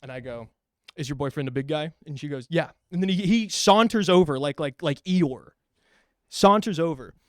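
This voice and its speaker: A man telling a story in casual chat, acting out each line of dialogue and cursing as he goes. His voice sits a bit high, and the sound is dead dry, right up on the mic. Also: dry recording. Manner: animated storyteller, acts out quoted dialogue, swears freely. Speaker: podcast host telling a story.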